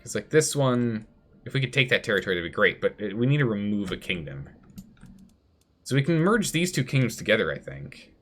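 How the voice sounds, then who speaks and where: A man's voice: lowish voice, big pitch swings, brisk, fairly bright tone, faint music behind. Chatty man streaming strategy gameplay. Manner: chatty, thinks aloud, reads chat. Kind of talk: live gameplay commentary.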